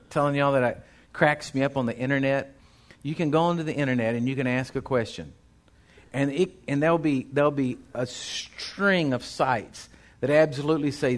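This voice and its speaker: A male pastor, preaching a sermon in a folksy, conversational way that builds in intensity. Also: medium pitch.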